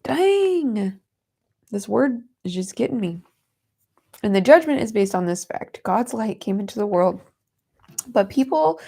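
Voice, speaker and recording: A woman's voice: mid-range voice, vocal fry, mellow. A woman hosting a devotional livestream, reading Bible verses aloud and chatting in an earnest, emotional way while fighting back tears. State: tearful. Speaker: host of a Christian livestream.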